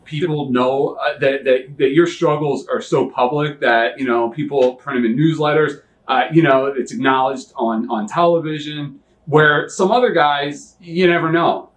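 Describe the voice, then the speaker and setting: A man interviewing a guest, asking questions in a hesitant, halting way. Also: a little high. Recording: off-mic, distant.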